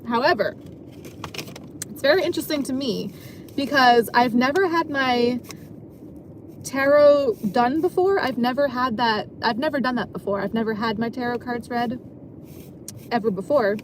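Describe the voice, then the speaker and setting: A woman with a slightly high voice talks from her car in a loose, rambling vlog monologue. She is self-mocking and breaks into laughter often. A faint hum of noise sits behind her. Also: moderate pace, long pauses. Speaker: vlogger and dancer. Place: parked car.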